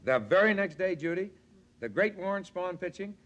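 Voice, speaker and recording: Casting note: man, slightly high-pitched voice, gruff animated raconteur on a vintage TV talk set. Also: moderate pace. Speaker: talk show guest. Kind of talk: anecdote-telling chat. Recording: 1963 studio show, audience behind.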